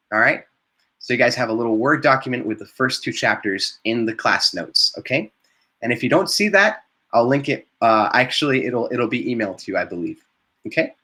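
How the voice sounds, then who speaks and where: Bright-voiced encouraging Spanish teacher man. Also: mid-range voice. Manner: encouraging, repeats words and praises students. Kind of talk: live online class teaching.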